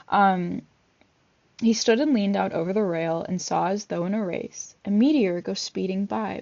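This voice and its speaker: Gravelly woman reading a storybook aloud. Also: mid-range voice, mellow. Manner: chatty asides with fillers. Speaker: vlogger reading a picture book. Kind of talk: casual read-aloud with commentary. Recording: dull lo-fi recording.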